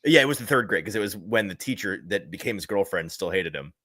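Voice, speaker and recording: Man co-host, lower voice, bright tone, chatty and rambling, dry close sound. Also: expressive, fast talker, no echo. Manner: rambling, self-interrupting, laughs at his own quotes. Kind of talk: casual chat.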